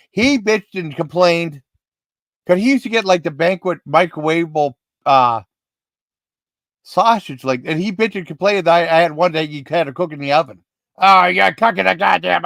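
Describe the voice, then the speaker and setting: A man hosting a casual livestream tells rambling personal stories in a fairly high voice. He restarts his sentences often and gets worked up as he goes. The sound is dry and close. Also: no room sound. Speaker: livestream host.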